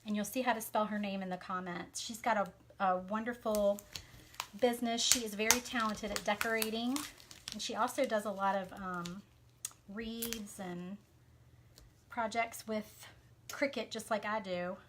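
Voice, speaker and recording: A woman's voice: medium pitch, steady tone, measured pace, a bit bright, slight background noise. Chatty Southern woman crafting on a live stream. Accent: Southern American. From Southern United States. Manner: chatty, talks to viewers while working, many fillers. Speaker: craft vlogger.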